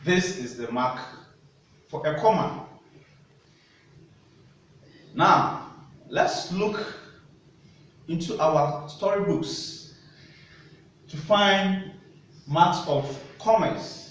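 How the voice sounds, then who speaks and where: Slow, high-voiced man teaching children. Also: animated, fairly bright tone, slight background noise. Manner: slow, deliberate teacher talk with questions to children. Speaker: primary school teacher. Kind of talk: recorded classroom lesson. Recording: echoey room, voice from a distance.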